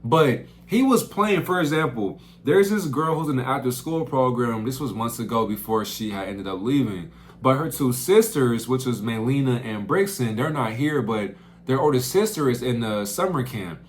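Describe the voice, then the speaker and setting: A young man working as a camp counselor, telling stories in a casual, slangy way that swings up into loud outbursts. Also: medium pitch, expressive, normal speed. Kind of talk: casual storytelling vlog.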